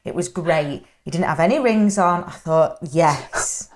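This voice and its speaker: A woman's voice: lowish voice, normal speed. Chatty Yorkshire woman telling stories. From England. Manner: chatty, self-mocking anecdotes. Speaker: podcast co-host. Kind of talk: casual chat, storytelling.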